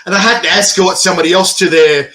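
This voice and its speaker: Bright-voiced man telling stories. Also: high voice, fast. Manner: animated storytelling, laughs often. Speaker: interviewer. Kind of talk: casual chat.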